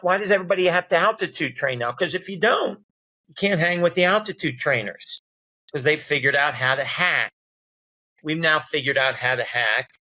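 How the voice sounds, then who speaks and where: Man, podcast guest, doctor, bright forceful tone, animated storyteller, casual chat. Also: a little high, rough recording. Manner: animated storyteller acting out dialogue.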